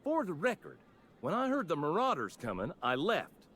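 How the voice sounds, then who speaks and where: A man's voice: a little high, wildly swooping pitch, moderate pace, a bit bright, slight background noise. An actor voicing a petty, hotheaded male junk salvager in a video game, with a whiny, indignant manner. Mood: blustering.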